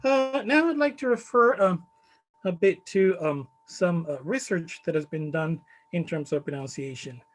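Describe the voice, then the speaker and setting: A man with a Chilean Spanish accent presenting his study in a conference talk, measured and full of fillers. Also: high-pitched, soft background music, poor audio. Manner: measured, many fillers, stresses key words.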